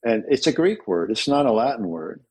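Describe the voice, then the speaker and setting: Earnest husky-voiced man, measured. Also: mid-range voice, very animated, darkish tone, poor audio. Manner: measured, earnest, slows down to stress words. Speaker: interview guest, Orthodox clergy author. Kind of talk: thoughtful conversational interview.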